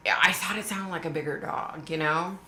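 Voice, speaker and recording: A woman's voice: on the low side, normal speed, bright, forceful tone. A woman hosting a casual live stream, reading out viewer comments and answering them bluntly, swearing freely. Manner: blunt, swears freely, repeats questions for emphasis. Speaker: livestream host. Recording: echoey room with faint background noise.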